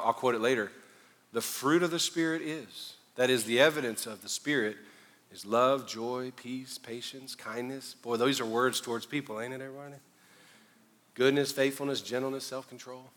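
Middle-aged Southern pastor, lively joking sermon delivery, bright voice echoing through a church. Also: male voice, medium pitch, moderate pace. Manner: animated, joking preacher, swings loud and quiet. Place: church sanctuary. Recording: long hall reverb.

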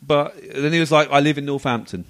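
Fast-talking man telling a story. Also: a little high, a bit bright. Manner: chatty storytelling, quick and laughing. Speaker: podcast co-host. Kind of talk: casual chat.

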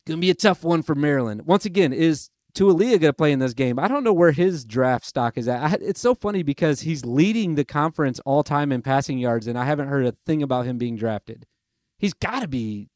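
A man's voice: on the high side, no echo, studio quality. A young man hosting a casual sports podcast, rambling and chatty, amusing himself as he goes. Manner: chatty, rambling, self-amused. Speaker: podcast host. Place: lives in Nashville.

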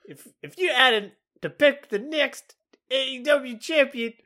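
A woman putting on a loud, exaggerated Australian accent to voice a rowdy male wrestling fan. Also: high-pitched, measured pace, voice pushed up. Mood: boisterous. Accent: put-on Australian. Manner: mock shouting, playful send-up.

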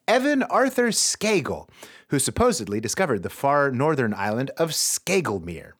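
Lively game master, swearing, laughing, wide-ranging voice, comedic narration. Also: mid-range voice, moderate pace, husky. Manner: profane, laughs often, breaks into asides. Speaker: game master reading a mystery game.

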